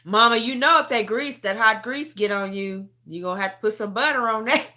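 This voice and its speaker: A woman's voice: a little high, brisk, noisy background, natural voice. Woman putting on her teasing young daughter. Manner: teasing, laughing. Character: teasing grown daughter, playful and cheeky. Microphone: phone.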